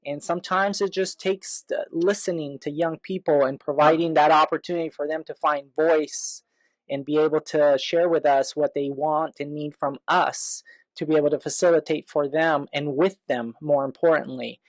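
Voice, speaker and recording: A man's voice: a little high, steady tone, normal speed, no room sound, low-quality recording. A man hosting an interview who thanks his guest and sums up the guest's story. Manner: affirming, with short backchannels. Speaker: interviewer, host.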